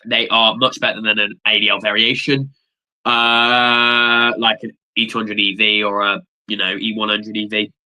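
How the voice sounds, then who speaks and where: A young man hosting a livestream, rambling casually and excitably, swearing now and then. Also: fairly low pitch, brisk, few pauses, rough recording. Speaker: livestream host. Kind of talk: casual watchalong chat.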